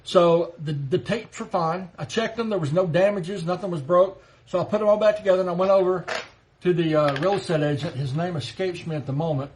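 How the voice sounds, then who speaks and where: Guy in his 50s, kinda high voice, chatty storyteller on a live stream, chuckles while he talks. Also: fairly quick, slight background noise. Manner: animated anecdote teller, chuckles as he talks. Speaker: livestream host. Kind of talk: casual storytelling.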